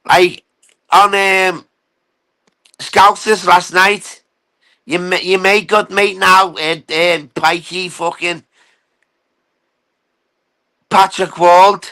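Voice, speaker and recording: Taunting, profane, bright-voiced streamer. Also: male voice, high voice, little pitch movement, drawn-out words, pauses often, poor audio. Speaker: live streamer. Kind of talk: ranting casual live stream.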